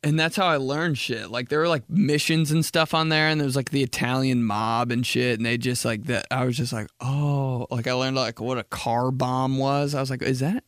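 A man's voice: a little fast, few pauses, clean tone, no echo, studio quality. Rambling young man on a podcast. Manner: rambling, animated, heavy "like" filler, slips into jokey high put-on voices. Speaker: podcast host. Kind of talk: casual solo podcast chat.

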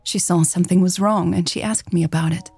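A woman's voice: lowish voice, steady tone, brisk, gravelly, a little mellow, husky, no echo, soft background music. Shy flustered young woman, as a reader puts her on. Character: nervous young woman in love. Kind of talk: read-aloud story dialogue.

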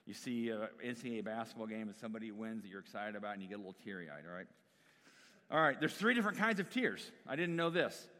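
A man preaching in a relaxed, talky way to his congregation, stopping now and then to ask them questions. His voice sits at an ordinary middle pitch, and a long reverb from the church hall trails after his words. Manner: conversational, asks the congregation questions. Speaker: pastor. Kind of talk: sermon.

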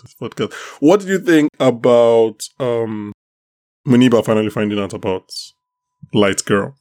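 A man's voice: medium pitch, normal speed, dark tone. A man hosting a podcast, chatting casually and rambling, with many restarts. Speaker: podcast host. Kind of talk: casual chat about a TV show.

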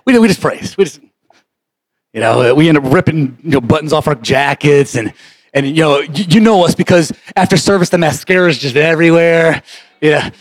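A man preaching a sermon as pastor, impassioned and often shouting. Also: a little high, a little fast, no echo. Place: church sanctuary.

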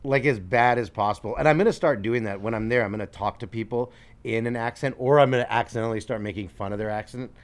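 A man with a mid-range voice co-hosts a casual podcast. He talks in a relaxed, halting way and chuckles often. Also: medium pitch. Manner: laid-back, chuckling, hesitant. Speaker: podcast co-host. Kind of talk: casual chat.

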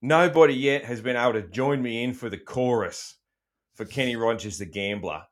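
A man's voice: mid-range voice, moderate pace. A middle-aged Australian man hosting a casual chat, joking around and swearing freely, with plenty of ums. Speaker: podcast host.

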